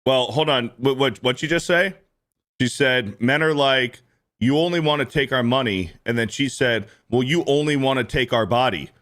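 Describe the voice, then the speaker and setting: A man's voice: medium pitch, moderate pace. A man in his thirties hosting a stream, ranting in casual, profane reaction commentary and repeating himself often. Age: 30s. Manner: animated, repetitive, profane ranting. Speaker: streamer host reacting to clips.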